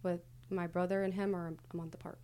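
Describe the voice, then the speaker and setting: A woman's voice: lowish voice, little pitch movement, fairly quick, dark tone, a little hiss or hum. A young adult woman, a podcast guest, recounting her past candidly in a casual, hesitant way with many fillers. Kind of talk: casual conversational interview.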